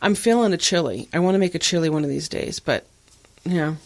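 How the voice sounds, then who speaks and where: Animated, laughing woman podcast host. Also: lowish voice, fast. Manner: animated storyteller who laughs often. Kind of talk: casual chat.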